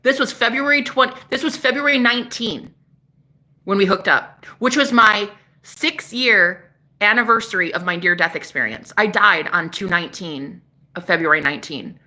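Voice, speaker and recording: A woman telling a story casually on a vlog, excitable and profane, talking outdoors on a porch. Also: mid-range voice, normal speed. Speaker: spiritual vlogger.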